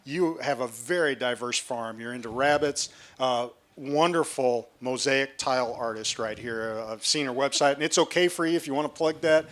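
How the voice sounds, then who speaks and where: A man's voice: mid-range voice, moderate pace, few pauses, a bit bright. A man moderating a panel at a festival, explaining prices and asking the audience questions in a conversational way. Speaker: panel moderator, seed production manager. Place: tent at an outdoor festival.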